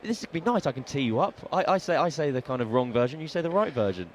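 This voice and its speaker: A man's voice: medium pitch, lively intonation, quick pace, slight background noise. A man co-commentating on radio cricket, telling stories in a playful, jokey way and stumbling over names. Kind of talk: casual sports radio chat.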